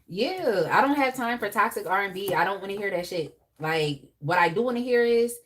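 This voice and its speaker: Woman, young adult, live tarot host, casual, animated, laughing asides. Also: medium pitch, fairly quick. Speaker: tarot reader hosting a live reading. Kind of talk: casual live-stream chat.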